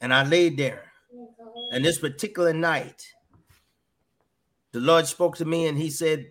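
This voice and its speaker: A man's voice: a little high, unhurried, long pauses, a bit bright. A middle-aged man earnestly telling a personal faith testimony, often repeating his words as he goes. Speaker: guest sharing a faith testimony.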